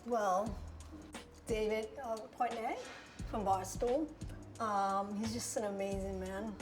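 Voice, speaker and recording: A woman who owns a restaurant, talking in a casual interview in an emotional, grateful way, with quick yeses and agreements. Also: medium pitch, fairly even intonation. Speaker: restaurant owner. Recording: music bed under the talk. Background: background music.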